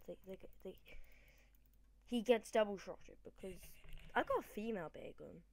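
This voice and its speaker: A woman gamer talks through her battles in rambling, excitable commentary. Her voice sits at a middling pitch, cheering loudly one moment and mumbling the next. The sound is dry and close, picked up by a desk microphone. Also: moderate pace, no echo. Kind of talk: let's-play commentary.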